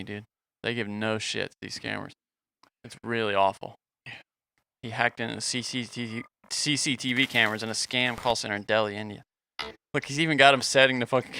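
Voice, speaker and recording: A man with a mid-pitched, bright voice co-hosting a podcast. He talks over videos in a laid-back, swearing, dude-heavy chat. Faint music sits under him. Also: fairly even intonation, brisk, vocal fry. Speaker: podcast co-host.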